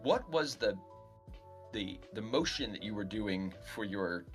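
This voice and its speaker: A man's voice: on the low side, expressive, unhurried, faint music behind. A man co-hosting a podcast, casual comedic chat, sardonic and profane. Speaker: podcast co-host.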